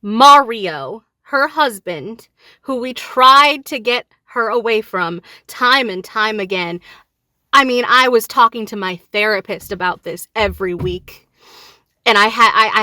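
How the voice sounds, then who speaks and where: Young woman vlogger, bright tense voice, dry close sound, grieving and furious, near tears. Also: mid-range voice, no room sound. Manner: grieving and enraged, voice rising and falling. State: on the verge of tears. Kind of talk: emotional direct-to-camera talk.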